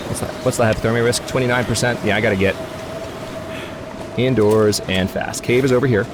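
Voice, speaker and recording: A man's voice: mid-range voice, fairly even intonation, fairly quick, heavy background noise. A man hosting a let's play, rambling through gaming commentary and grumbling at the game in exasperated asides. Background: game music.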